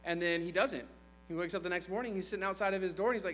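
A man's voice: high voice, very fast, fairly bright tone, a little hiss or hum, low-quality recording. A man preaching a sermon in a conversational way, retelling scripture with playful asides.

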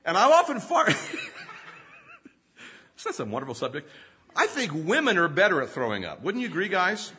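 A man's voice: high-pitched, huge pitch swings, a little slow, long pauses, sharp tone, a little hiss or hum. A man in his fifties preaching a sermon, telling humorous self-deprecating stories and often laughing mid-sentence. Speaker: pastor.

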